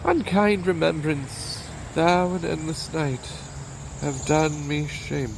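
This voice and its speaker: Wary soldier on night watch, read by a man, slow and earnest, faint outdoor noise. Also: a little high, fairly even intonation, gravelly, voice pushed up.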